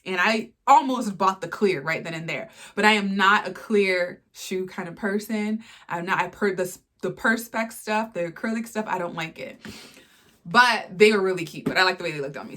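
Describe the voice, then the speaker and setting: A woman in her twenties chatting casually and excitedly as she unboxes shoes, full of playful asides and filler words. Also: medium pitch, moderate pace, slight background noise. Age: 20s. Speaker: fashion vlogger.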